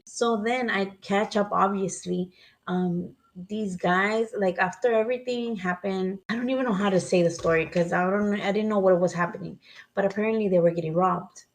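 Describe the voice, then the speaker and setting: A woman's voice: medium pitch, steady tone, a little fast. Bilingual woman telling a story casually. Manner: switches between English and Spanish mid-sentence, swears casually. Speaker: podcast co-host.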